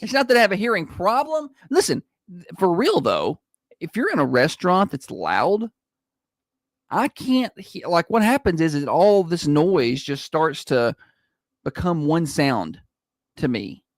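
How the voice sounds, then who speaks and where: A man's voice: fairly high pitch, sing-song, measured pace, dry recording, clean studio sound. A man co-hosting a morning radio show in a teasing, playful way. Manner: teasing, playful, often laughing. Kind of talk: casual on-air banter.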